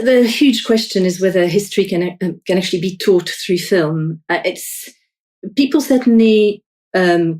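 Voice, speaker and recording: Female film critic from France, lowish voice, measured and thoughtful. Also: darkish tone. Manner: thoughtful, measured, trailing pauses. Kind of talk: podcast interview.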